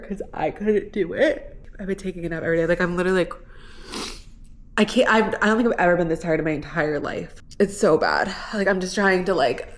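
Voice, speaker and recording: Casting note: young woman, slightly low voice, worn-out and teary, candid rambling vlog talk. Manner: candid, rambling, frequent "like" and laughter. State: exhausted, tearful. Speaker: vlogger. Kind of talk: casual vlog diary.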